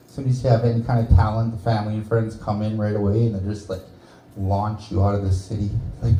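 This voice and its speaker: A man's voice: on the low side, level tone, fast talker, few pauses, warm tone, echoey room, faint music behind, rough recording. A Canadian man doing a stand-up set in a small bar, teasing the audience with crude jokes. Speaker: stand-up comedian. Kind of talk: stand-up set with crowd work.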